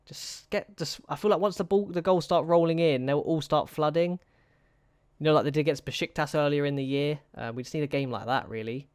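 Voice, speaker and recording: A man's voice: a little high, no room sound. A young man giving casual, anxious commentary over a football management game, pleading with his players and muttering to himself. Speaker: gaming YouTuber.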